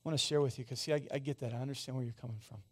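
A man's voice: mid-range voice, steady tone, rapid-fire, breathy edge. A man in his forties preaching a sermon as pastor, conversational and often asking the congregation questions. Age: 40s. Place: church sanctuary.

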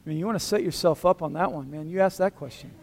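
A man preaching a sermon in a fairly high voice, lively and conversational, with humor mixed in. He acts out dialogue by shifting his voice, and his delivery swings from big and loud to hushed. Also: fast, creaky. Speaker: pastor.

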